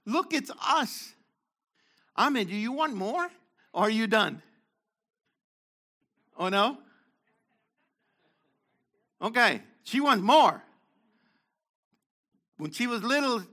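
An older man preaching an interactive sermon, questioning the congregation and calling on people, moving between loud exhortation and quiet asides. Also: very high-pitched, big pitch swings, slow pace, long pauses.

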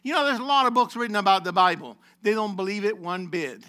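Male pastor, sermon delivery, fairly high voice, addresses the flock by name. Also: fast. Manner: rising to loud impassioned exhortation, then dropping low; addresses congregation members by name.

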